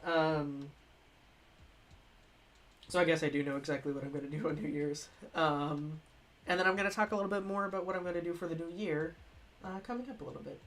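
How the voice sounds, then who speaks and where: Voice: mid-range voice, brisk, long pauses, a bit bright. A game streamer chatting casually on a live stream, rambling and restarting often and sounding a little stuffy from a cold. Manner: rambling and self-correcting, with frequent restarts and laughs. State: slightly stuffy, coming down with a cold. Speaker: streamer reviewing games.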